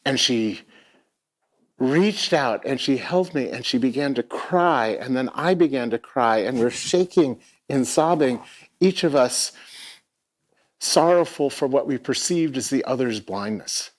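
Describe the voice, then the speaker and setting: A middle-aged man speaking on stage at a live arts event, telling a personal story in a reflective, halting way, often repeating words as he searches for them. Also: medium pitch, animated. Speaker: festival speaker.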